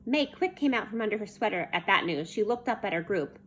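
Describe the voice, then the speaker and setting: A woman reading a children's chapter book aloud in a lively, expressive way. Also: mid-range voice, fairly quick, soft background music. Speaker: storybook reader.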